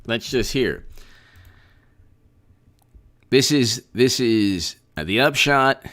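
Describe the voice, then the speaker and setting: A man hosting a casual political commentary livestream, animated and repetitive, often restarting his sentences and speaking straight to viewers. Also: medium pitch, slow pace, long pauses. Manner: animated, repetitive, mock-quoting opponents, frequent restarts.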